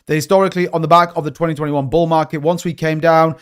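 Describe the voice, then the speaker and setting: A man hosting a live stream, giving casual market commentary in an animated, joking way, repeating catchphrases. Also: on the high side, quick pace, smooth. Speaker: crypto channel host.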